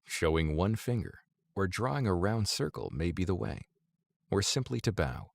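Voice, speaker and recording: Deep gravelly man reading an audiobook. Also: very animated, normal speed, no echo. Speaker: audiobook narrator. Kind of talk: scripted audiobook narration.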